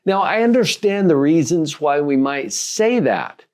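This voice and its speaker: Male life coach with a high-set voice, lively and expressive, playing out conversations as he teaches. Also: unhurried. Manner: animated, acts out dialogue in different voices; asks the listener rhetorical questions. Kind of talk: motivational teaching talk.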